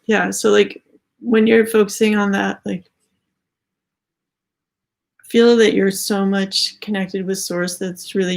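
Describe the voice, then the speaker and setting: A woman's voice: medium pitch, gravelly, a little mellow. A young adult woman giving a casual spiritual tarot reading, rambling with many "like" fillers and slightly out of breath. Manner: rambling, heavy use of "like" fillers. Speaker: tarot card reader.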